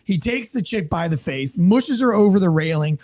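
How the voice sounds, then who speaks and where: An American man and former police officer telling a story in a casual interview, animated and profane, acting out the people in it. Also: high-pitched, normal speed. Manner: animated, profane, acts out quoted voices.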